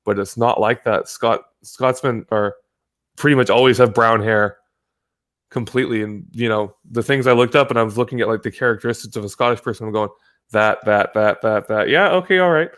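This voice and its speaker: A man's voice: mid-range voice, steady tone, fairly quick, a bit bright. Rambling American man chatting casually. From United States. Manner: rambling, swears freely, many restarts. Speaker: guest. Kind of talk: casual chat. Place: home in California.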